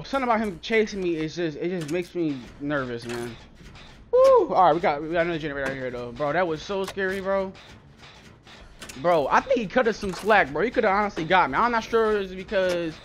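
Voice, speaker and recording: A young man, giving excitable, swearing commentary while playing a horror game. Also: high voice, a little hiss or hum. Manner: excitable, swearing, calls out in panic during chases. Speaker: gaming channel host. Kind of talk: live gameplay commentary.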